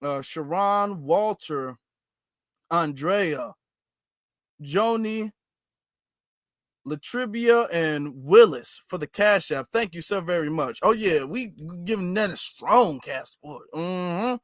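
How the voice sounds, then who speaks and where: A man's voice: high voice, animated, takes it slowly, no echo, clean studio sound. A man hosting a livestream, talking in a preachy, teasing way and repeating phrases for effect. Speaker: livestream host. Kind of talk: casual livestream talk.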